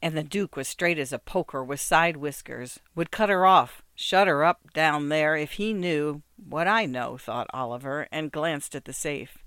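Smooth-voiced male literary narrator. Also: on the high side, no echo, studio quality. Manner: measured and expressive, with rhythmic phrasing. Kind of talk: scripted narration of a literary story.

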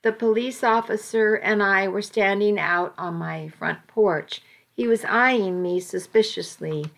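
A woman narrating a novel in the first person, with a gentle, deliberate reading. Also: medium pitch, creaky. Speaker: audiobook narrator.

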